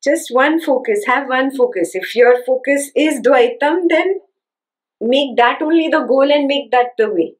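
A woman's voice: high voice, unhurried, low-quality recording. A woman giving a spiritual teaching talk, who stresses and repeats her key points and keeps checking that listeners follow with rhetorical questions.

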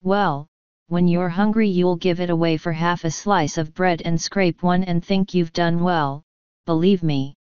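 A woman's voice: fairly low pitch, steady tone, unhurried, smooth, dry recording, dull audio, close to an everyday voice. A woman voicing a blunt, pushy middle-aged townsman who haggles hard, in an audiobook. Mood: haggling. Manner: bargaining, blunt and knowing. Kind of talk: audiobook character voice.

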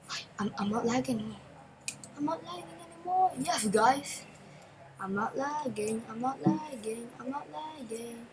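A woman hosting a gaming channel, giving chatty, excitable gameplay commentary in broken English and repeating phrases. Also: on the high side, normal speed, background noise.

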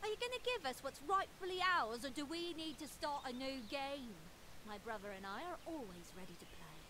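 A woman's voice: sits high, expressive, fairly quick, background noise. An actress voicing a scheming female fae trickster in a video game, mocking and theatrical. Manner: mocking, theatrical villain delivery. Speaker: game character.

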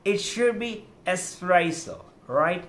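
A man's voice: a little high, takes it slowly, a bit bright. A man hosting a podcast, giving an emphatic motivational lecture on speaking English correctly, repeating his points to drive them home. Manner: emphatic, repetitive, exhorting.

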